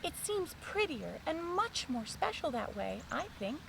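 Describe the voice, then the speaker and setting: A woman voicing a shy, gentle young male mockingbird in a storybook reading, speaking softly. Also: high voice, sing-song, unhurried, creaky, background noise, exaggerated voice. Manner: soft, shy, sighing.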